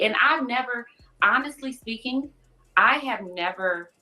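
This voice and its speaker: A woman's voice: fairly low pitch, sharp tone, rough recording. A woman speaking candidly and emphatically in a casual discussion.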